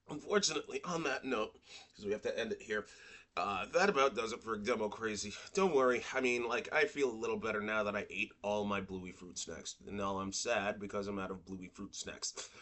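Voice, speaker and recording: A man's voice: lowish voice, normal speed, fairly bright tone. Crude, joking male podcast co-host. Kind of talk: casual political commentary.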